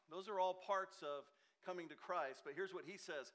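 A man's voice: high voice, normal speed, a bit bright. A man preaching a Sunday morning sermon in a church, earnest and conversational, often restarting his phrases. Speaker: pastor. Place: church sanctuary with a ringing sound system.

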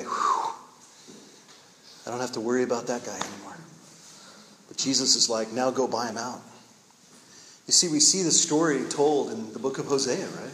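A man at mid pitch preaches to his church, tossing out rhetorical questions and voicing the people in his stories. His words bounce around a roomy sanctuary, and long reverb trails after each phrase. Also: a little hiss or hum. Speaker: pastor. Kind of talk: sermon and closing prayer. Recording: echoey hall with long reverb, faint ambience.

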